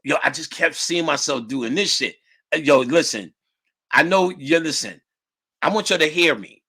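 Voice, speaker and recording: A middle-aged man telling casual stories in a lively, profane, slangy way, laughing often. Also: a little high, moderate pace, slightly rough. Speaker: guest storyteller. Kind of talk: casual storytelling.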